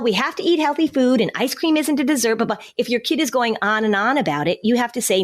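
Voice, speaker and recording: A woman hosting a podcast, giving parenting advice in a conversational, explanatory way and acting out what a parent might say. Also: mid-range voice. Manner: explanatory, acts out parent and child lines.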